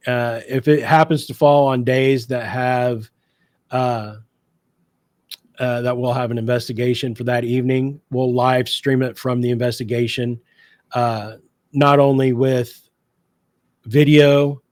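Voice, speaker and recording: A man's voice: mid-range voice, a little mellow, dry recording. A man talking casually on a radio show about paranormal investigations, upbeat and rambling with many fillers. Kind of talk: casual chat.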